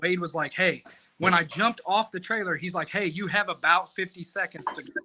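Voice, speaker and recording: A man telling a rambling, profane story in casual podcast talk, animated and self-mocking. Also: sits high, normal speed, slight background noise, poor audio. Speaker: competition barbecue cook, podcast guest.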